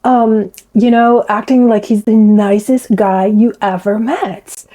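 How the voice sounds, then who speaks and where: A woman's voice: medium pitch, steady tone, slow, dark tone, rough recording. A woman chatting to her viewers in a gossipy, talkative way. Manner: chatty, gossipy, addresses viewers as you guys. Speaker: commentary vlogger. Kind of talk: casual chat to viewers.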